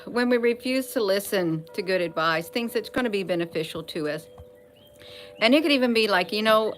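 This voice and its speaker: A woman's voice: mid-range voice, animated, a little fast, slight background noise. A woman talking casually at home in an opinion vlog, emphatic and repeating phrases to drive her point home. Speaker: vlogger. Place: at home, indoors.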